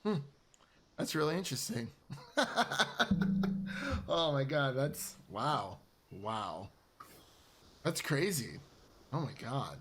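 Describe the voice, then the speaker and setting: A man's voice: mid-range voice, sing-song, slow, long pauses, fairly bright tone. A young man co-hosting a casual film review podcast, laughing often and animatedly retelling scenes. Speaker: podcast co-host.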